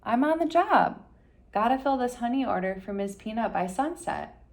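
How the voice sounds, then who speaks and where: A tiny, hard-working male honeybee, as a woman reads him aloud. He talks loud and brisk, all business. A picture-book figure. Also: a little high, animated, creaky, pitched above the performer's own voice. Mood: busy. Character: busy little male honeybee worker.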